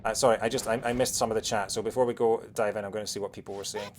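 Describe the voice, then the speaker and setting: A man with a Scottish accent softened by years in England, chatting quickly while streaming a game, with lots of fillers and restarts. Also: fairly low pitch, steady tone, a little hiss or hum. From Scotland. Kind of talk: casual chat while playing a game.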